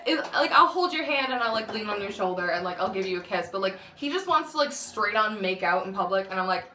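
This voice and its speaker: A woman's voice: mid-range voice, lively intonation, quick pace, sharp tone. A young woman telling a dramatic storytime on her vlog, swearing often and laughing as she goes. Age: young adult. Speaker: vlogger. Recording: roomy echo.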